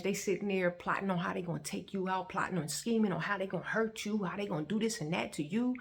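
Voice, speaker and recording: A woman telling her personal faith testimony in a colloquial, animated way, acting out the scenes as she goes. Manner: animated, colloquial, acts out scenes with sharp pitch jumps. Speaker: vlogger sharing a faith testimony. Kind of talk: emotional personal testimony storytelling.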